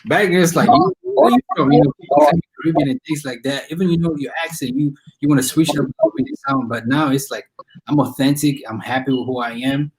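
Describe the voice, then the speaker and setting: A man's voice: mid-range voice, steady tone, fast talker, a little mellow, slightly rough, poor audio. A young man from Cameroon with a Cameroonian accent, chatting casually as an interview guest and filling his talk with "you know what I mean". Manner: laid-back, many "you know what I mean" fillers. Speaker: guest musician and podcast host.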